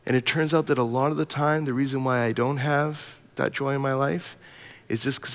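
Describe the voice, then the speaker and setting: A pastor in his thirties delivers a sermon, earnest and storytelling in manner, his voice swelling to emphatic peaks. He has a medium-pitched male voice. The sound carries the long reverb of a church hall. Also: fairly even intonation, normal speed, fairly bright tone.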